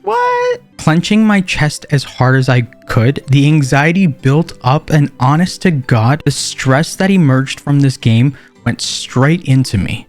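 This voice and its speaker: A man hosting a gaming video, with goofy, excitable let's-play commentary. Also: a little high. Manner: goofy, excitable, big emotional swings. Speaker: gaming YouTuber.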